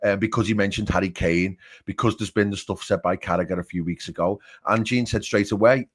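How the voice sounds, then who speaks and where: A middle-aged man with a fairly low voice, talking things through frankly on a fan stream panel. He hedges his points and keeps the debate casual and open. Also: steady tone, fairly quick. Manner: frank, hedging with "I'll be honest".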